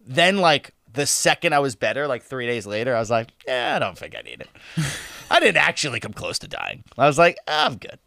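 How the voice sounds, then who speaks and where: A man telling a story in casual chat, animated, swearing and laughing often, acting out what others said. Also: medium pitch, a little fast, creaky, no room sound, clean studio sound. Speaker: podcast co-host telling a story.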